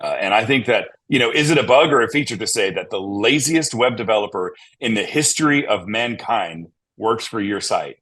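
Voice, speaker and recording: A man with a slightly low voice recounts a story with plenty of energy, piling on fillers and quick asides. He sounds like a panel guest talking casually among colleagues. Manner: animated, lots of fillers and asides.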